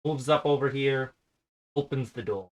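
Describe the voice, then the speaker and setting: A man running an online tabletop game as game master, thinking aloud about the rules in a relaxed way. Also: medium pitch, normal speed.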